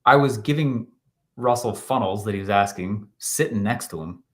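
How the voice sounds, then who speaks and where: A man in his thirties, a podcast guest telling a story in lively fashion, laughing often and acting out what people said. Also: on the low side, normal speed. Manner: animated, laughs often, acts out quotes. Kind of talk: storytelling interview answer.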